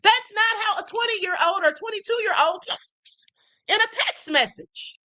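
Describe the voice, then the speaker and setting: A woman's voice: very high voice, measured pace, bright, forceful tone, low-quality recording. A woman hosting a livestream, giving casual commentary as she reads text messages aloud, full of emphatic rhetorical questions. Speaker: livestream host.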